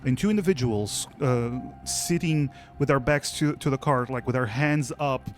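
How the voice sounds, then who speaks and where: Chill guy running a tabletop game, mid pitch, faint music behind. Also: moderate pace. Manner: relaxed, chatty, many fillers and restarts. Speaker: game master.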